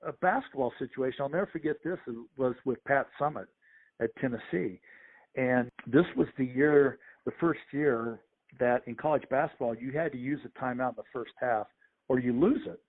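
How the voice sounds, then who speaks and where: A man, a sports official and podcast guest, telling lively anecdotes and acting out the people in them. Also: medium pitch, moderate pace. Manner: animated anecdotes with quoted voices. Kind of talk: storytelling interview. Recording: phone-like narrow audio.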